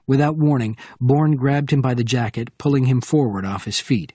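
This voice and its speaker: Man, steady narration, husky voice, dry close recording. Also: medium pitch, normal speed, few pauses, dry recording. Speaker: audiobook narrator. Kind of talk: scripted narration.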